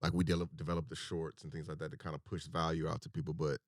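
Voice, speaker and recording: Male co-host, very deep voice, dry sound, musing and a bit halting. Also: flat delivery, no room sound. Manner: thinking aloud, hesitant questions. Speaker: podcast co-host. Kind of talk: casual chat.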